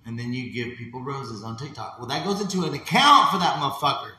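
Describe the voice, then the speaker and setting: A man's voice: mid-range voice, fast, bright, forceful tone. A man ranting in a heated, profane way, acting out voices as he tells it. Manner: heated, swearing, acts out voices. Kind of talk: profane casual rant. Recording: very echoey room with faint noise.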